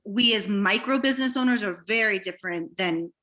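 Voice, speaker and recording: A woman business owner speaking as a guest in an interview, candid and reflective, often pausing with fillers. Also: medium pitch, pushed and bright. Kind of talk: conversational interview.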